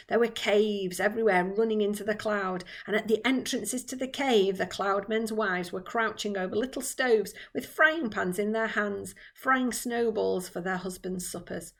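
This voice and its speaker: A woman's voice: medium pitch, gravelly, fairly bright tone. A woman teacher reading a children's book aloud with dramatic expression.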